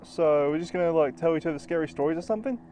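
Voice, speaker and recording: A man's voice: on the high side, racing, dark tone, lightly acted. A man voicing a brash, easygoing young boy puppy who chatters in an offhand way.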